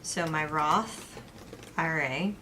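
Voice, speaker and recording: A young woman with a slightly low voice, chatting casually as she walks through her monthly budget line by line. A faint hum of background noise sits under her voice. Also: slow, pushed and bright. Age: young adult. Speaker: personal finance vlogger, co-host. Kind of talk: casual chat.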